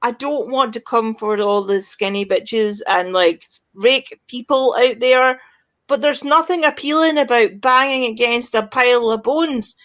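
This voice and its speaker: A woman's voice: on the high side, unhurried, fairly bright tone. Blunt, swearing Scottish woman. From Scotland. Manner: blunt, profane, joking. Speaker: guest. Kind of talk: casual chat.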